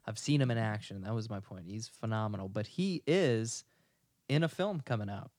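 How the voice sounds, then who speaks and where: A man hosting a podcast, chatting casually with his guest, easygoing and quick to joke. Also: on the low side, expressive, a little mellow, dry recording, clean studio sound. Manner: easygoing, joking, affirming. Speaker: podcast host.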